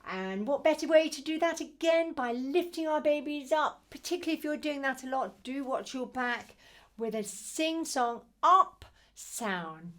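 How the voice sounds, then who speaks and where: A middle-aged woman, an early years music teacher, demonstrating baby music activities in a gentle, playful, sing-song way. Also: high-pitched, moderate pace, hardly any pauses.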